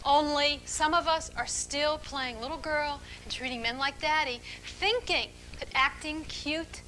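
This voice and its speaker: A middle-aged woman leading a seminar for a live audience, talking in an animated, emphatic and playful way. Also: high-pitched, unhurried, slight background noise. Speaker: relationship speaker leading a seminar.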